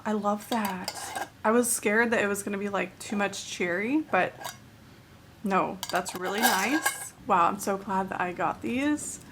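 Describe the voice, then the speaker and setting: A young woman talks casually about her books, gushing and chatty and peppering everything with "like". Now and then she drops into a soft, breathy near-whisper. Her voice sits in an ordinary middle pitch. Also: slight background noise. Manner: gushing, chatty, many "like" fillers. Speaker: book vlogger. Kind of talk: casual chat.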